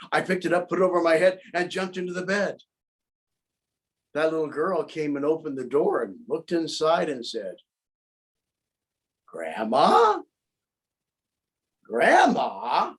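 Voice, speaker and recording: Guy with a high voice doing the wolf's side of the story, kinda put-upon and sulky, on a video call. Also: normal speed. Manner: aggrieved, put-upon tone with lively character voices. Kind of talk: first-person storytelling as the wolf.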